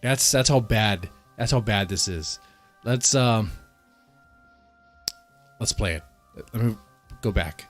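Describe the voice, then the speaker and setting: A man's voice: fairly low pitch, slow pace, long pauses, faint music behind. A man streaming live, reacting to a video in a heated, profane rant and often repeating himself and restarting sentences.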